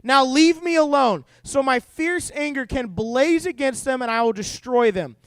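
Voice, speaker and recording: A man's voice: extremely high pitch, lively intonation, normal speed, fairly bright tone, smooth, no room sound, voice pushed up, heavily acted. A man voicing an angry, commanding God as he retells a scripture story in a sermon. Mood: stern.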